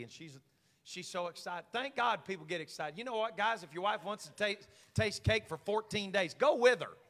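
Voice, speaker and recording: A man preaching a sermon in a high, bright voice, with a long hall reverb trailing each line. He tells the story with jokes and swings from hushed asides to shouted climaxes. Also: expressive, moderate pace. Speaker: pastor. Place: large church sanctuary.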